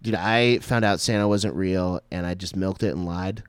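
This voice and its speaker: A man in his late twenties from North Texas, with a lowish voice, hosts a loose podcast. He rambles through crude, profane stories stuffed with "like." The sound is dry and close. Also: steady tone, normal speed, clean tone, no echo. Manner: crude, rambling storyteller full of "like". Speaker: podcast host. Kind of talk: casual podcast chat.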